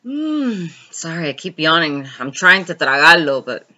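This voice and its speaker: Slow-talking, bright-voiced woman host. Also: low voice, big pitch swings, highs cut off. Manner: reads viewer comments aloud and laughs often; chatty storytelling. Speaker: live-stream host. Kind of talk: casual live-stream chat.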